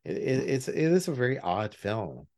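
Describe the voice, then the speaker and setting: A man co-hosting a podcast, giving a thoughtful, measured critique in casual film talk. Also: mid-range voice, sing-song, a little mellow. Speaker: podcast co-host.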